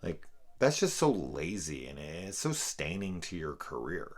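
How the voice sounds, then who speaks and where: A man's voice: deep voice, sing-song, measured pace. A man reviewing a film in a casual, profane, exasperated rant. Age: adult parent. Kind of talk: casual spoken movie review.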